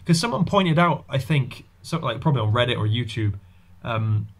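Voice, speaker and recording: Animated man chatting on a podcast. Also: moderate pace. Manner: animated, acts out quotes with swoops in pitch. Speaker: podcast co-host. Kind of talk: casual chat.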